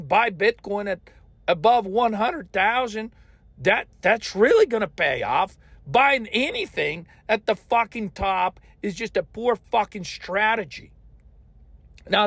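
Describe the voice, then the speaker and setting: Slow, profane ranting man. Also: sits high, fairly bright tone, no echo. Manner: profane, scolding, emphatic. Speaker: market commentator podcast host. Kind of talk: ranting market commentary.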